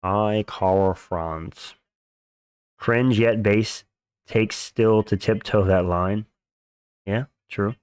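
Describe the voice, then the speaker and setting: This livestream host speaks extremely slowly with long pauses, his voice on the low side with fairly even intonation and a clean tone. He casually comments on fights in slang and thanks donors, in a dry, clean studio recording.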